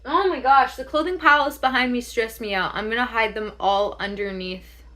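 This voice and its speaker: Bright, chatty young woman streaming. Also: on the high side, normal speed. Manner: chatty, rambling, laughs often, swears casually. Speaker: livestreamer. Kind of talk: casual livestream chat.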